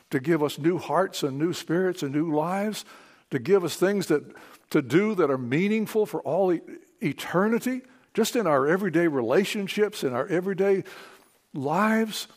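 Male preacher, high-ish and animated, sermon to a congregation, hushed then emphatic. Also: normal speed. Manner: fervent, swings from hushed to emphatic. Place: church meeting.

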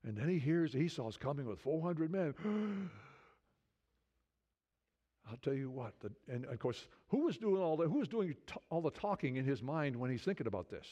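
A man's voice: medium pitch, lively intonation, brisk, hardly any pauses, dark tone. A man preaching a sermon in a conversational way, stumbling over restarts and building to fervent appeals. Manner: conversational preaching, many restarts, rising fervor. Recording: dull lo-fi sound.

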